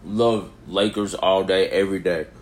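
A young man with a very deep voice rants casually to camera, rambling from topic to topic. He swings from near-shouted peaks down to low mutters. A faint hiss of noise sits under the recording. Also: moderate pace. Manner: rambling, animated, rising to near shouts then dropping low. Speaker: vlogger. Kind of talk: casual opinion monologue.

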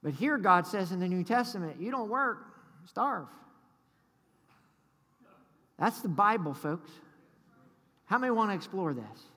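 Fervent high-voiced preacher in echoey church. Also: male voice, lively intonation, moderate pace, bright, forceful tone. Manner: fervent, call-and-response preaching, stumbles and restarts. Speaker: pastor. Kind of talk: sermon. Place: church sanctuary. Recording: echoey church with long reverb.

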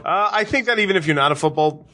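A man's voice: high-pitched, expressive, quick pace, sharp tone, a little hiss or hum. A man from Brooklyn co-hosting a podcast, chatting casually and teasing his partner. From Brooklyn, New York. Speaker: podcast co-host. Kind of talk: casual chat.

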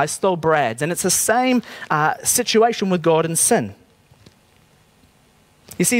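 Male preacher, chatty teaching sermon, animated pitch, dry close sound. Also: no room sound. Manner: conversational, asks the listeners questions. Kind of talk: sermon with a Bible reading.

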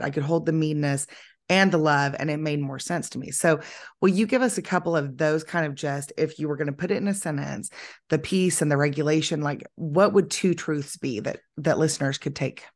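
A woman with a very low voice hosts a podcast interview. She speaks earnestly and encourages her guest, sometimes stretching her words out slowly. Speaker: podcast host.

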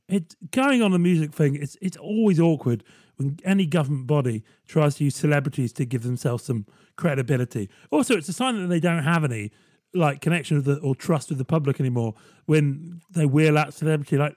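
A man's voice: fairly high pitch, expressive, a little fast, darkish tone, dry recording, clean studio sound. A comedy podcast host in a rambling, sardonic monologue, often laughing at his own jokes.

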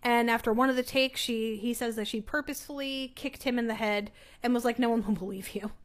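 A woman's voice: a little high, fairly even intonation, brisk. A woman co-hosting a podcast in casual chat, rambling, trailing off and filling with "like". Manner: chatty, trailing off with "like" and "I don't know". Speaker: podcast co-host.

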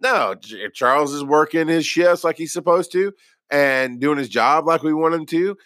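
A man's voice: on the high side, moderate pace, a bit bright, dry recording, studio quality. A former paramedic telling his own story in a casual way, rambling and poking fun at himself, with lots of restarts. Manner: rambling and self-deprecating, with many restarts.

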